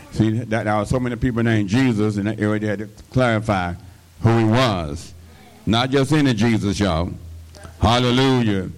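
An older man preaching a sermon, filling his lines with amens, hallelujahs and call-and-response, with a slight cough. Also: lowish voice. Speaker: pastor.

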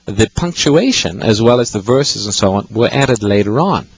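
Male call-in host with a husky voice, patiently teaching scripture to callers. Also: fairly low pitch, animated, normal speed, no echo, low-quality recording. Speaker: radio Bible-teaching host. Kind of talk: call-in radio Bible teaching.

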